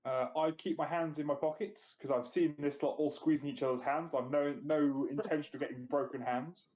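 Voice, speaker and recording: A man's voice: fairly high pitch, fairly even intonation, brisk, darkish tone, rough recording. A man with an Australian accent playing at a tabletop game who talks in a dry, sarcastic way. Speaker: player. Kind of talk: in-character chat at a game table.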